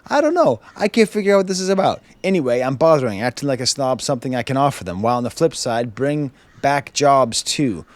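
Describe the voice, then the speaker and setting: A man's voice: medium pitch, sing-song, a little fast, few pauses, no room sound. A man reviewing an album in a casual way at home, wry and chuckling, reading lyrics aloud. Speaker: music reviewer. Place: home with his dog.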